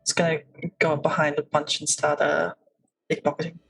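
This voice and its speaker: Australian female player, low husky voice, easygoing. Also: level tone, fairly quick, fairly bright tone, low-quality recording. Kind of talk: playing a tabletop game.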